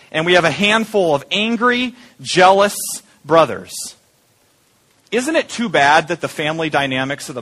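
A man preaching to his congregation in a loose, joking way, often asking them to say words back to him. His voice sits a little high for a man. He talks like a friendly pastor walking through a Bible story. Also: pushed and bright. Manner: jokey, engaging the audience with call-and-response. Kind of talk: sermon.

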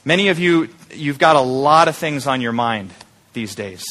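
Bright-voiced male pastor preaching. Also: mid-range voice, normal speed. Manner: conversational, animated, rhetorical questions. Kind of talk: Easter sermon.

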